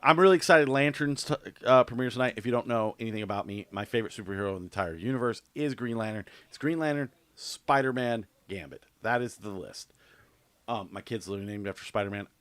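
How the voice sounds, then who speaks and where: A man's voice: on the low side, fast talker, fairly bright tone, no echo. A man co-hosting a podcast in casual chat, rambling and offhand with lots of fillers and restarts. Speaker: podcast co-host.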